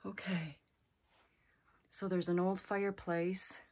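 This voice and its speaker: Nervous lady creeping thru an old cabin attic on her phone, slow lowish voice, faint hiss behind. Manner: nervous, exclaiming, talks to camera and animals. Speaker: urban explorer vlogger. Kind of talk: hushed exploring vlog. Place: hot attic of an abandoned log cabin.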